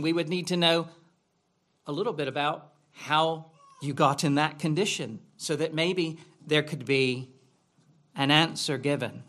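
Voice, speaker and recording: A man's voice: a little high, a bit bright. A man preaching a sermon in a church, asking rhetorical questions in a conversational way. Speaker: pastor.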